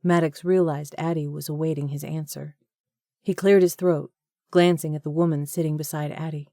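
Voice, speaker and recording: Low, mellow woman narrator. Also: fairly even intonation, brisk, no echo, clean studio sound. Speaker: audiobook narrator. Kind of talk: scripted audiobook narration.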